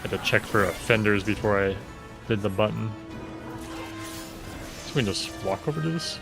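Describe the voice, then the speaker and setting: Casual game streamer, male, gravelly and wry, faint music behind. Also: lowish voice, animated, normal speed. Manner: wry, self-mocking asides muttered to himself. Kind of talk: casual gameplay commentary.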